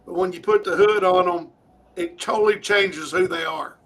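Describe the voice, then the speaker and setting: A man on a casual podcast panel, curious and asking questions. His voice is high and bright with a sharp edge. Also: moderate pace, slight background noise. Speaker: podcast co-host.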